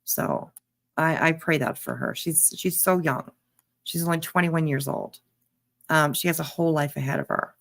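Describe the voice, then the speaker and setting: A woman's voice: sits low, expressive, normal speed, creaky. A woman reacting to a clip on a live stream, blunt and emphatic, talking straight back at the person on screen. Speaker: commentary streamer.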